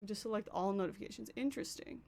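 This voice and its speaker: A woman's voice: medium pitch, fast talker, vocal fry, darkish tone. A young woman with a Canadian accent, chatting casually with her stream chat while doing her makeup. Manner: chatty, reads and answers chat. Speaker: livestreamer.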